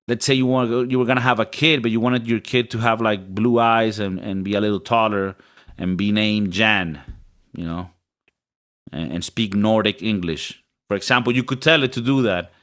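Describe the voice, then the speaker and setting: A man's voice: on the low side, a bit bright. A man co-hosting a podcast in casual chat, rambling and joking with frequent restarts. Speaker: podcast co-host.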